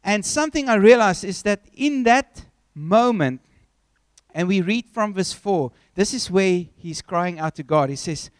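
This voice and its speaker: High-voiced animated male preacher. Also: measured pace, clear, resonant tone, no echo. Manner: animated storytelling, acting out scenes. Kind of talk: sermon.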